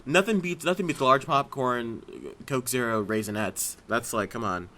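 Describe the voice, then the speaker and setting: A man's voice: mid-range voice, moderate pace, pushed and bright. A man co-hosting a casual podcast over a call, rambling, laughing often, and stammering and repeating his words. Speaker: podcast co-host. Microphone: remote call.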